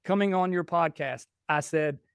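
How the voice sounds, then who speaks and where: Man, 40s, podcast guest; lively storyteller who voices each character, fairly high, smooth voice, dry close sound. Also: normal speed, dry recording. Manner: animated, acts out dialogue in stories. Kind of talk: casual storytelling chat.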